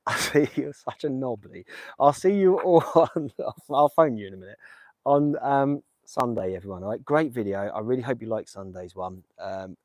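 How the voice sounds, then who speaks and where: A man's voice: lowish voice, dry recording. Chatty English man live-streaming outdoors. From England. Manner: chatty, rambling, jokey banter with viewers. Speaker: livestream host visiting graves. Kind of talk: casual live stream chat reading comments. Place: outdoors, windy village. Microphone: phone held in hand.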